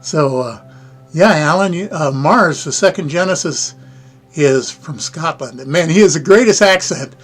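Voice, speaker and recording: An older man with a Midwestern American accent chats casually on his livestream, rambling along in a folksy way with chuckling asides. His voice sits a little high. Faint music plays behind him. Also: lively intonation, unhurried, slightly rough. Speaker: livestream host. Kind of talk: casual live-stream chat.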